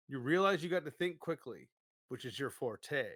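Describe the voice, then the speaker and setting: A man's voice: mid-range voice, animated, normal speed, fairly bright tone, no echo. A man co-hosting a podcast, reading a kids' gamebook aloud with playful jokes. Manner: playful, jokey. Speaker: podcast co-host.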